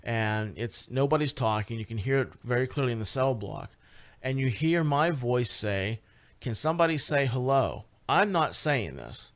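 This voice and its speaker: A man guest on a radio talk show, telling a paranormal investigation story in a casual, animated way with many fillers and restarts. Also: mid-range voice, moderate pace. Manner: animated, lots of fillers and restarts, rising excitement.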